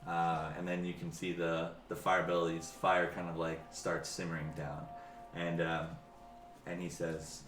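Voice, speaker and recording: A man's voice: low-pitched, little pitch movement, normal speed, fairly bright tone. A man narrating as dungeon master, rambling with frequent restarts. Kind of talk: narrating a tabletop game. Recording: roomy echo, faint music.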